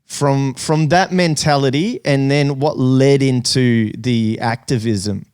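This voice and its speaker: A man's voice: mid-range voice, steady tone, darkish tone, smooth, dry recording, clean studio sound. A man hosting a podcast, asking long questions full of fillers and restarts. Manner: halting, filler-heavy questions. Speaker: podcast host. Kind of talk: casual interview.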